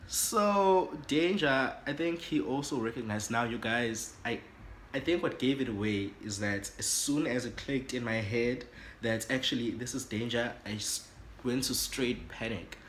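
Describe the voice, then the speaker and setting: A South African man telling an animated, dramatic story for his vlog, switching languages. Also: medium pitch, measured pace, slight background noise. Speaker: YouTuber.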